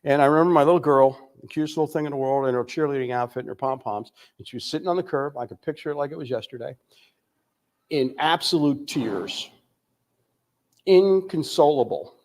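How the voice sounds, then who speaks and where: An older man from the United States giving a candid recovery testimony, telling his story with frequent pauses and fillers. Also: fairly high pitch, darkish tone. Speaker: recovery speaker.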